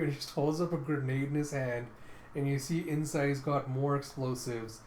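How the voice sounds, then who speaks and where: A man narrates a comic page by page in a relaxed, animated way and mouths the sound effects as he goes. His voice is of middling pitch. The room rings a little and there is a faint hiss underneath. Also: moderate pace, echoey room. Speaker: comic readthrough host. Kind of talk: casual comic readthrough narration.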